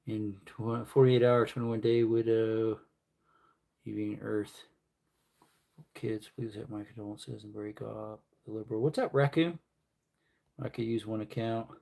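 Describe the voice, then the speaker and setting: A man's voice: fairly low pitch, completely flat delivery, unhurried, gravelly, dark tone. A man hosting a casual livestream, mumbling and joking to his chat while he works at a bench. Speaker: livestream host.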